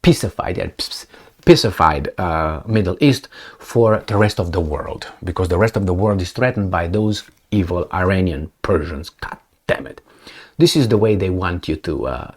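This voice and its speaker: A man's voice: low-pitched, moderate pace, darkish tone. A man giving casual, sarcastic commentary on news clips, with many fillers and restarts.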